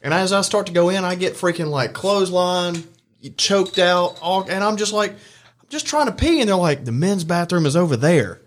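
A man chatting casually and telling an animated story, jumping up into exasperated quoted lines. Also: high-pitched, normal speed, a little hiss or hum. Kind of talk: casual chat.

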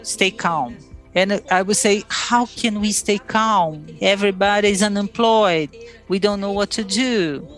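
A woman's voice: mid-range voice, unhurried, faint music behind. Brazilian woman retelling her story. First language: Portuguese. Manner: emotional storytelling with quoted dialogue. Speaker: former player telling her story. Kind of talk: recounted personal story.

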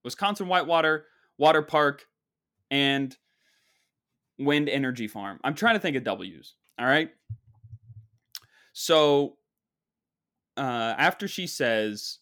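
Male podcast host, comedic rambling storyteller, sarcastic and mock-boastful, mid-pitched voice. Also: expressive, unhurried, pauses often, bright, forceful tone, clean tone.

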